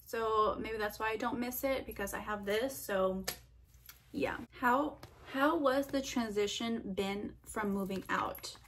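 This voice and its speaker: A young woman answering viewer questions in a casual vlog, chatty and animated, full of fillers and quoted asides. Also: on the high side, measured pace, slight background noise. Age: young adult. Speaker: vlogger.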